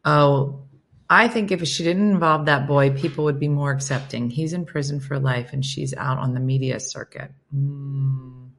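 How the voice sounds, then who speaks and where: Chatty low-voiced woman host. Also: fairly even intonation, normal speed. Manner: chatty, laughs often, reacts to comments. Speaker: livestream host reading chat. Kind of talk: casual chat.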